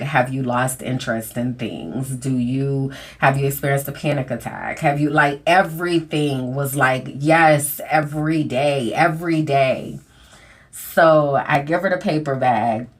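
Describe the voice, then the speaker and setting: A woman podcast host telling a personal story in a candid, conversational way, full of "um" and "like", recorded in a small closet. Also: rumbling low. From United States. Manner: candid, conversational, uses many fillers like "um" and "like".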